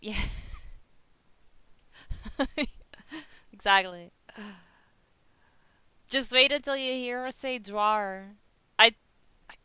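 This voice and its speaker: A woman's voice: medium pitch, sharp tone, clear, resonant tone, no echo. Dutch accent girl streaming, giggly, super clean dry mic sound. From Netherlands. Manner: chatty, giggly, reads chat aloud. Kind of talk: casual live-stream chat with viewers.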